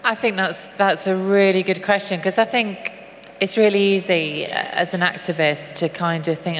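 A woman's voice: lowish voice, steady tone, a bit bright. Earnest woman on a reverberant stage. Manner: earnest, halting with frequent restarts. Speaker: activist and guest. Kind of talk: live on-stage interview. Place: stage at a live event. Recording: long hall reverb, faint noise.

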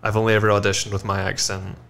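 A man, a working actor and podcast guest, talking in a halting, casual way with many restarts and filler words. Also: lowish voice, monotone, fairly bright tone, slight background noise. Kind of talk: casual chat.

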